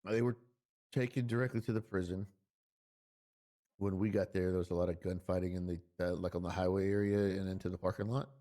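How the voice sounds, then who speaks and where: A man speaking in a role-play stream, halting and earnest, with many fillers. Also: sits low, steady tone, warm tone. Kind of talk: in-character role-play chat.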